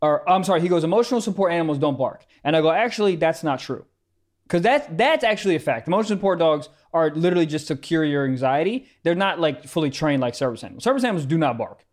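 A man telling a story in casual chat, animated and profane, acting out both sides of the argument. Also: on the high side, quick pace, hardly any pauses. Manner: animated, profane, quotes people in acted-out dialogue.

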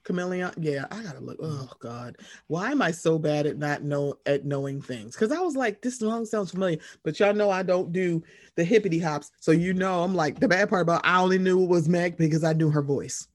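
A woman co-hosting a podcast in casual chat, animated and expressive, swearing freely. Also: fairly low pitch, brisk. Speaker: podcast co-host.

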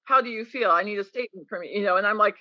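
Talking very fast in a mid-range voice, a woman guests on a podcast in a lo-fi recording with no room sound. Her candid, animated stories feature acted-out voices of quoted people.

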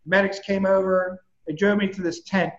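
A man with a notably high voice tells his story with animated energy and casual bluntness. The sound is roomy and a bit muffled. He speaks as a guest on a casual chat. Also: moderate pace. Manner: animated, vivid storyteller who swears casually. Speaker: guest, personal trainer.

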